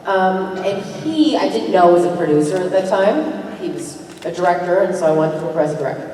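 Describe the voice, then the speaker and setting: A woman from Canada telling stories on a convention panel in a casual, lively way, laughing often. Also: mid-range voice. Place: large convention hall. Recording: echoey hall from far off, crowd noise.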